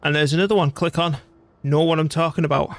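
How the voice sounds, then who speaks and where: A man's voice: on the high side, fairly even intonation, fast talker, dry recording. A man from North West England with a northern English accent, giving chatty, slangy, swear-prone commentary while streaming a strategy game. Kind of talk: casual gameplay commentary.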